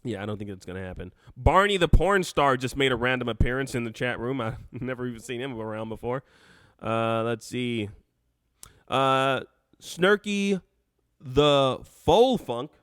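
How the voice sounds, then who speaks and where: A man hosting a live call-in show, animated and laughing, often restarting his sentences. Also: mid-range voice, moderate pace, clean tone, dry recording, clean studio sound. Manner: animated, laughs often, talks over himself.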